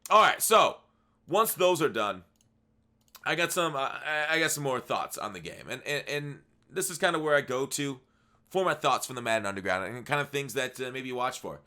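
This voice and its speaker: Bright-voiced tired man talking games. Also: medium pitch, lively intonation, normal speed. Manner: rambling, with frequent restarts and asides. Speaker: video game commentator. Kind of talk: casual commentary over gameplay.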